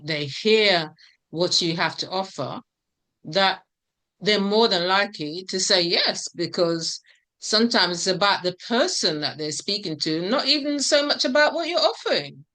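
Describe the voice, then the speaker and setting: A woman's voice: mid-range voice, expressive, unhurried, bright, forceful tone. A woman interviewing a guest, asking questions in a friendly, affirming way. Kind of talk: conversational interview.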